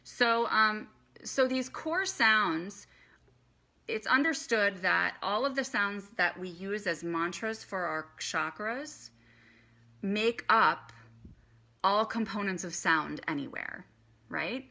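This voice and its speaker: A woman's voice: mid-range voice, animated, takes it slowly, pushed and bright. A woman teaching meditation in a chatty live stream, guiding the listener through breathing and chanting. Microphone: phone.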